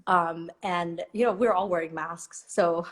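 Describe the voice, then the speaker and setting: A woman's voice: on the low side, a little slow. A woman from Napa, California, telling a story as a guest artist in a casual conversation, with lots of fillers and restarts. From Napa, California, USA. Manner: animated, laughs often, lots of fillers and restarts.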